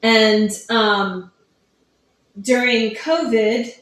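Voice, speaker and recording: A woman's voice: a little high, fairly even intonation, drawn-out words, fairly bright tone. Chatty woman author in an echoey room. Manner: chatty storytelling, acts out family quotes. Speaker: author guest. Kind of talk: casual interview chat.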